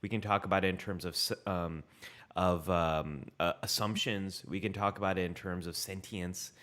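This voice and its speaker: A man's voice: sits low, steady tone, normal speed, fairly bright tone. A man co-hosting a casual live-stream chat, upbeat and rambling, laughing often and reading out viewer comments. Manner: reads viewer comments aloud. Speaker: co-host.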